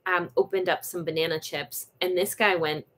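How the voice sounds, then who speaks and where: A woman's voice: on the low side, steady tone, normal speed, a little hiss or hum. A woman hosting a casual live vlog, chatting to viewers with lots of fillers and restarts while she grooms her dogs. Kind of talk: casual live-stream chat.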